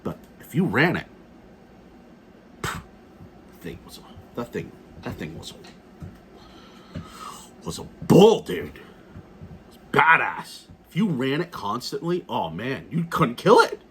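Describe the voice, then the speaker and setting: A man's voice: mid-range voice, big pitch swings, measured pace, long pauses, fairly bright tone, a little hiss or hum. A middle-aged man ranting casually in a video blog, blunt and profane, repeating himself as he talks. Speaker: gun vlogger.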